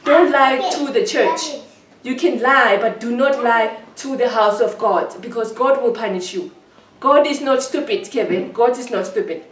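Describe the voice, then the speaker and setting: Hurt, accusing woman, high voice in an echoey room. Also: unhurried. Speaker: interviewee. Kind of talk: emotional personal testimony. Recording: echoey room, distant mic.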